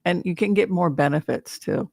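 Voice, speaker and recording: A woman's voice: on the low side, normal speed, gravelly, a little mellow, no room sound, studio quality. A woman tarot reader talking in a casual, rambling, playful way, often breaking into laughter.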